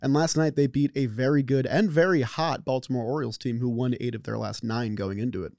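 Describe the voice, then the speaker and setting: A man's voice: mid-range voice, steady tone, brisk, a little mellow, no room sound, clean studio sound. A man filling in as co-host on a sports talk show, giving long analytical takes with some stumbles. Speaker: guest co-host.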